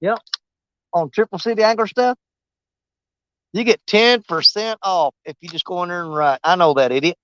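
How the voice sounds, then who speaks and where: Fishing vlog host, man, high voice, loose and self-mocking, dry, slightly muffled sound. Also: moderate pace, pauses often, fairly bright tone, clean tone, no room sound. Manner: rambling, joking, self-mocking. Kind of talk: casual outdoor vlog talk. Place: outdoors while fishing.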